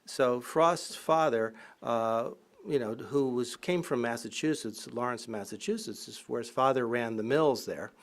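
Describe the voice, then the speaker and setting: Man, college professor, public lecture, anecdotal, laughing often, irreverent, medium pitch. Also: unhurried. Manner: lively, irreverent.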